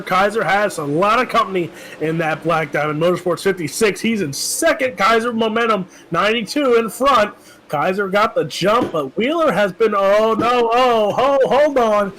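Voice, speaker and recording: A man giving joking, quick play-by-play commentary on a sim race. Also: high voice, fairly bright tone, slight background noise, low-quality recording.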